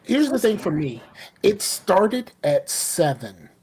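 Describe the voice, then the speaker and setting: A podcast host in casual chat, telling family stories in an animated way, swearing freely. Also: mid-range voice, takes it slowly, breathy edge. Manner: animated, swears, acts out quotes. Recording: live stream podcast audio.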